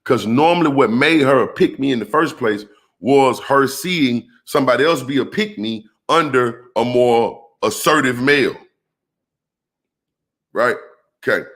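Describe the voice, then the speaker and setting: A man giving an animated monologue on relationships, calling out to his viewers like a preacher and asking rhetorical questions. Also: medium pitch, measured pace. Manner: preacher-like call-outs to the audience. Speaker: relationship commentator.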